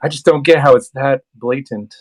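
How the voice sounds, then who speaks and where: Male host for a bible study talk, mid-pitched, reads passages then comments casually. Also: moderate pace, poor audio. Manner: reads verses aloud, then comments conversationally. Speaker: host and scripture reader.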